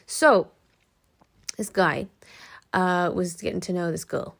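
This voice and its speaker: A woman giving casual advice straight to the camera, chatty and prone to digressions. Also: medium pitch. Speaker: motivational video creator.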